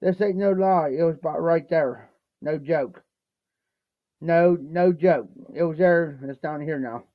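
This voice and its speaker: A man's voice: fairly high pitch, measured pace, no echo, dull audio. A man from Ohio livestreaming from home, telling a rambling, repetitive folksy story and mixing drinks. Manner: rambling, repetitive, folksy, keeps saying "no joke". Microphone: phone livestream.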